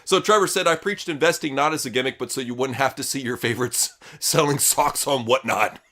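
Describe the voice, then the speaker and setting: A man's voice: mid-range voice, fairly quick, bright, forceful tone. A man co-hosting a wrestling news podcast, swearing freely and mocking the people he reads quotes from. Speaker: podcast co-host. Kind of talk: crude casual news chat.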